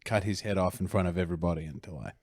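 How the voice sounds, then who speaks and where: A man's voice: low-pitched, racing, a little mellow, no echo. A man co-hosting a casual comedy podcast, giving wry, opinionated takes in a storytelling way. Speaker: podcast co-host.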